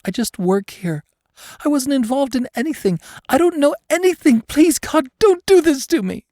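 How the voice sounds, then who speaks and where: A man's voice: very high voice, lively intonation, moderate pace, dark tone, no room sound, clean studio sound, voice pushed up. A man voicing a terrified young woman who whimpers and pleads with her captor in an audiobook thriller. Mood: terrified pleading.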